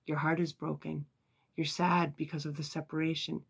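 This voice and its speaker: A Bible teacher giving an earnest, measured devotional lesson, with occasional sighs and fillers. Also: medium pitch, little pitch movement, gravelly, husky.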